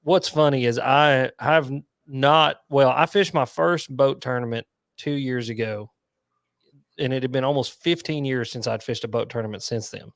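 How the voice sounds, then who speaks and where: A man hosting a relaxed podcast from his home, animated as he tells stories and often laughing along. His voice sits at a middle pitch. The sound is dry and close, with no room echo. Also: moderate pace. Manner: animated storyteller, laughs while telling stories. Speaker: podcast host. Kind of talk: casual chat.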